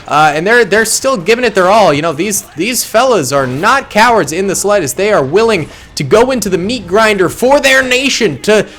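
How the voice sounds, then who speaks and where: A man from suburban Massachusetts giving casual gameplay commentary, chatty and thinking aloud with quick reactions and self-corrections. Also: high-pitched, animated, a bit bright. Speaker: gaming channel host.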